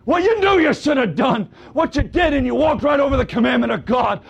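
Fervent man in the pulpit, rasping high-pitched delivery, shouts and hallelujahs. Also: lively intonation, fairly quick, muffled recording. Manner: fervent, calls out brother, sister, shouts hallelujah. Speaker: preacher. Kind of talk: sermon. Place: church service with congregation responding.

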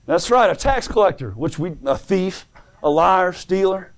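A male preacher with a somewhat high voice, delivering a sermon in a fervent, folksy way. He tells homely stories in plain speech and swings from soft pleading to ringing calls. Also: lively intonation, a little slow. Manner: folksy plain-spoken storytelling. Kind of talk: sermon answering written questions.

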